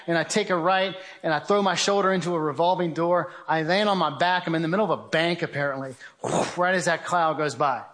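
A man's voice: fairly high pitch, brisk, a bit bright. A middle-aged man giving an earnest spoken testimony to an audience, telling his story in a direct, conversational way. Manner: earnest storytelling, addresses listeners as guys. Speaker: guest speaker.

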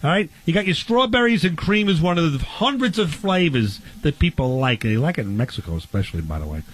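Comic host: husky, higher man, lively swoops, playfully clueless rambler. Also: brisk. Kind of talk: comic improvised banter.

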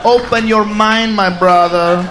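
High-pitched shouting comedian on stage. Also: male voice, steady tone, measured pace. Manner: loud, profane, frequently shouting and laughing. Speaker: stand-up comedian. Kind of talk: stand-up comedy set. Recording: live club recording with crowd noise. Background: audience noise.

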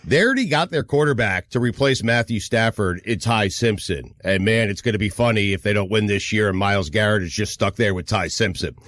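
A man's voice: on the low side, a little fast, few pauses, fairly bright tone, dry recording, clean studio sound. A man with a New York accent hosting a sports talk show, bantering loosely and laughing often. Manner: loose, laughing banter, directs co-hosts by name. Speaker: sports radio host.

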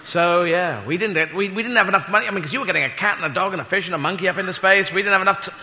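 A man's voice: high-pitched, very fast, bright, forceful tone, long reverb tail. A man doing rambling stand-up storytelling, self-interrupting and mock-pompous. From Britain. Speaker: stand-up comedian.

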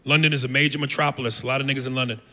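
A man from the United States races through a stand-up routine in a medium-pitched voice with fairly even intonation. Brash and profane, he leaps into loud impressions, and the club recording has reverb and room noise.

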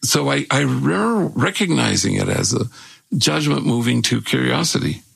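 An older man with a gravelly, husky voice, telling stories in casual conversation as a guest and lifting his voice when he quotes people. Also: mid-range voice, normal speed, no room sound. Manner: animated when acting out quotes. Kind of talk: conversational storytelling.

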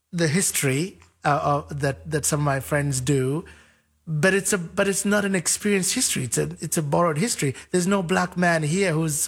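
African-born male guest, husky, excitable, jumps into voices when quoting people. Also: a little high. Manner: animated, acts out quoted voices, repeats words. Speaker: interview guest. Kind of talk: conversational storytelling.

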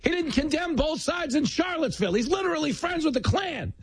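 Man putting on a shrill mocking heckler. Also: lively intonation, fairly quick. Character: shrill male political heckler shouting accusations.

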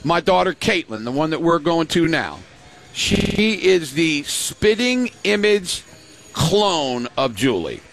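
A man's voice: a little high, big pitch swings, slow pace, creaky, fairly bright tone. An older man, a grandfather, chatting casually on a show and telling family stories, acting out the voices he quotes. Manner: storytelling, acts out quoted voices. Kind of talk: casual chat.

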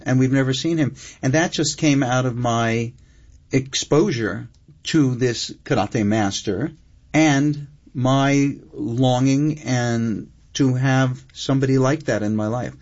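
A man's voice: medium pitch, takes it slowly, a little mellow. Reflective man with muffled sound. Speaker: guest, screenwriter. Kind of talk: interview conversation. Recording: slightly muffled broadcast audio.

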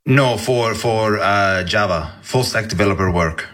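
A man's voice: lowish voice, unhurried, fairly bright tone. A man posing as a client on a phone call in a put-on Indian accent, with brief casual replies.

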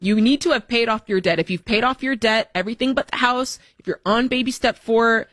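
A woman co-hosting a talk radio show, chatting casually and brightly with her co-host. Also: on the high side, a little fast, no room sound.

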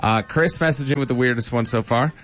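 A man's voice: medium pitch, brisk, a bit bright, faint music behind. A man hosting a radio show, bantering casually and laughing often. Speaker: radio host. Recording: dull lo-fi radio broadcast.

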